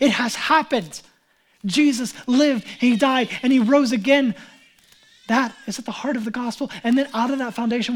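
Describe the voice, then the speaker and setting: A man preaching a sermon as pastor, talking casually and conversationally with many "like"s and acting out Bible figures in quoted speech. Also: extremely high pitch. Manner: casual and conversational, heavy use of "like".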